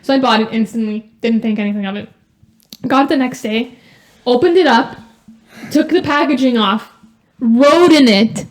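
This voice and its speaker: A young woman co-hosting a casual sibling podcast, telling animated stories full of "like". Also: a little high, normal speed, pauses often. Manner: animated storytelling with lots of "like". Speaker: podcast co-host.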